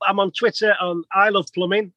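A man's voice: sits high, flat delivery, fairly quick, bright, forceful tone, no echo, lo-fi sound. A man, a plumber telling rambling stories with laughs as an interview guest. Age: 50s. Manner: chatty, rambling anecdotes with laughs. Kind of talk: casual storytelling.

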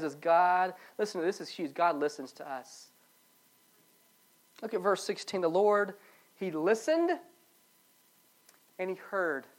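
A pastor giving a sermon, swinging between loud pleading and soft low passages and repeating phrases for emphasis.

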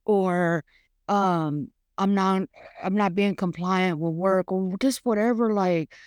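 A woman's voice: medium pitch, slow, darkish tone, clear, resonant tone, no room sound, clean studio sound. Frank, chatty woman podcaster. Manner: frank, chatty, swears casually, many fillers. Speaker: podcast host. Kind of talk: casual devotional podcast monologue.

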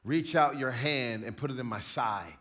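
A preacher voicing a calm, solemn risen male teacher in a low, hushed, coaxing voice. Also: normal speed, natural voice.

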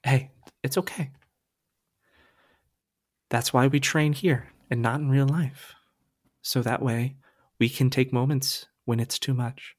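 A game master voicing a calm, kind woman instructor who comforts a panicking trainee. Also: medium pitch, slow pace, pauses often. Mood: gentle, reassuring. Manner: soft, gentle and reassuring.

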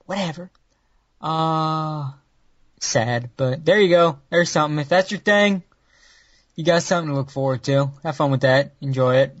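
A man hosts a casual anime podcast in a crude, sarcastic ramble, tripping over his own restarts. His voice sits a touch higher than most men's. The sound is dull and lo-fi, with no room echo. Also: normal speed. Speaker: podcast host reviewing new anime. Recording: dull lo-fi dry recording.

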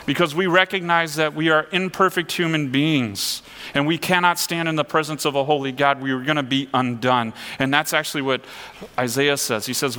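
Earnest pastor with a bright voice. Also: male voice, on the high side, steady tone, normal speed, long reverb tail. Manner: earnest, conversational preaching with rhetorical questions. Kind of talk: sermon.

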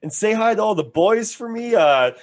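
A man voicing an overfamiliar young man he knew in high school, loud and chummy. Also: animated, normal speed. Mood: overeager.

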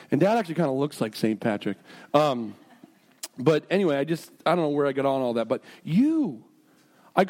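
A man preaching from the pulpit with a somewhat high voice. He tells stories in a lively, self-mocking way, then slows into earnest prayer. His delivery is lively and casual, not polished. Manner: animated, jumps between storytelling and earnest prayer; self-deprecating and jokey. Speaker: pastor. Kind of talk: sermon with storytelling and prayer.

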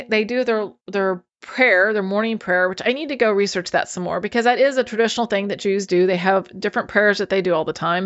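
Woman chatting excitedly about an episode, mid pitch, kinda muffled lo-fi audio. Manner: chatty, enthusiastic retelling with acted-out quotes. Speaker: show recap host. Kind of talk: casual episode recap.

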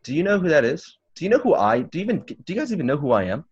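Flustered husky male intern. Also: fairly high pitch, sing-song, very fast, muffled recording. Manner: defensive, flustered, then snippy. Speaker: show intern. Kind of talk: comedic radio banter.

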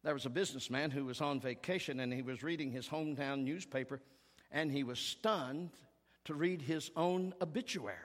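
A man preaching a sermon as pastor, earnest and emphatic, rising to strong peaks and falling to hushed tones. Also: medium pitch, normal speed. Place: church sanctuary. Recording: long reverb of a large hall.

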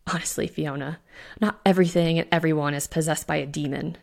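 A man's voice: fairly high pitch, fairly even intonation, brisk, creaky. A woman reading the part of a fussy male innkeeper who thinks he is haunted, snapping and pleading. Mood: dismissive.

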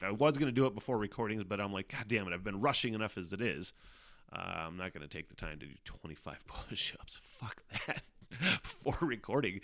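A man's voice: mid-range voice, bright, forceful tone. A middle-aged man hosting a podcast, rambling casually, swearing a lot and laughing often. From Northern Michigan. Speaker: podcast host. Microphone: studio microphone.

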